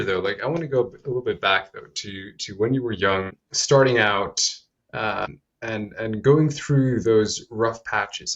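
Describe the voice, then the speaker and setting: Podcast host man, slightly muffled line. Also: on the low side. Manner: frequent short backchannels, wordy questions. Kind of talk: casual interview conversation. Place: remote call from home.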